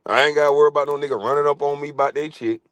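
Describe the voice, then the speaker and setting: A middle-aged man streaming a profane comic rant, crude, loud and laughing often. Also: fairly high pitch, fairly even intonation, very fast, no echo.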